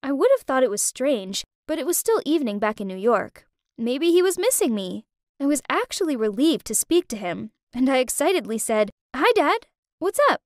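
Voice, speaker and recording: Casting: young woman storyteller, high voice, dry close sound, emotive first-person telling. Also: sing-song, fairly quick, a little mellow, dry recording.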